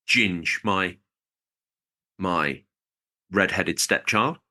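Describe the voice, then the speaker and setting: A man's voice: on the low side, animated, normal speed, bright, forceful tone. A man co-hosting a podcast, chatting in a jokey, rambling way while reading out supporters. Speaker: podcast co-host. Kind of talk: casual podcast chat.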